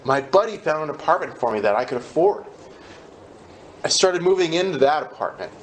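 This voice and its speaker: A man candidly telling his personal recovery story in a conversational, halting way at a meeting. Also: a little high, expressive, a little hiss or hum.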